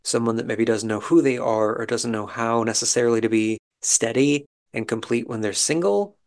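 A man's voice: mid-range voice, moderate pace, a little mellow. A man hosting a podcast, giving a wry, chatty recap of a reality show episode with musing asides. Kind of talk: casual commentary.

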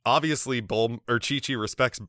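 Man, podcast co-host, casual recap chat, talks with lots of filler words, bright tense tone. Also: mid-range voice, normal speed, dry recording, studio quality. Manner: chatty, peppered with filler words.

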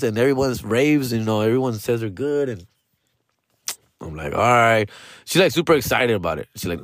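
A man rambling casually from his room at an ordinary pitch, his speech slangy and full of swearing. He keeps throwing in "dog" and "fool" and slips into Spanish now and then. The sound is dry and close, with no room echo. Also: lively intonation, normal speed. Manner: slangy, profane, peppers talk with "dog" and "fool"; switches into Spanish mid-sentence. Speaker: vlogger. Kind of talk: casual personal monologue.

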